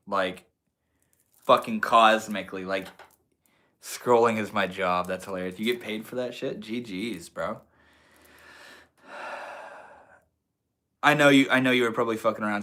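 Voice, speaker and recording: A man's voice: medium pitch, bright, forceful tone. A young man hosting a live stream in a casual, laid-back way, reading out and answering chat comments with lots of slang and swearing. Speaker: livestream host.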